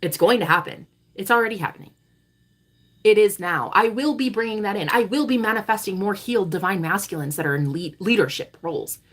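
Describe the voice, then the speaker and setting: A woman in her thirties, a spiritual coach, speaks to her vlog audience in a brisk, animated way at a medium pitch. It's a dramatic monologue with plenty of cursing, swinging from loud declarations to hushed asides.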